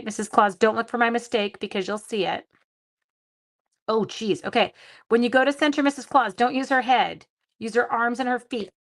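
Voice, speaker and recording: Her voice fairly high with vocal fry, a middle-aged craft demonstrator livestreams casually from home. She greets viewers by name, chats freely and laughs at her own slip-ups.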